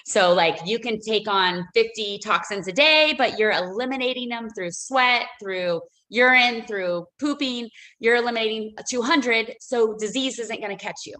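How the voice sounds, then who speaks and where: A woman's voice: fairly high pitch, normal speed, pushed and bright, low-quality recording. A woman, a business owner, telling a personal story as a guest on a radio interview, emotional and rambling with many fillers and restarts.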